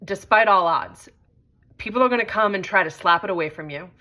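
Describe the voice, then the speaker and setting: Bright-voiced woman hosting a casual vlog. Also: mid-range voice, brisk. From United States. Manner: conversational storytelling with frequent swearing. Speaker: host.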